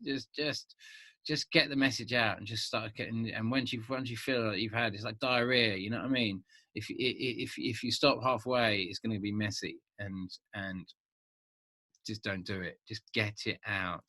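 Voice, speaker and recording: A man in his fifties, a vlogger talking to camera in a rambling, animated way with many restarts. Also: on the low side, normal speed, dry recording. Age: 50s. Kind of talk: casual monologue to camera.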